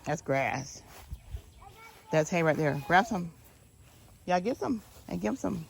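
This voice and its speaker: A woman's voice: fairly low pitch, animated, slow, vocal fry. A woman, chatting and coaxing kids to feed animals at an outdoor petting zoo. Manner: cooing, coaxing, points things out. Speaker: vlogger. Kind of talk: casual chat on a farm visit.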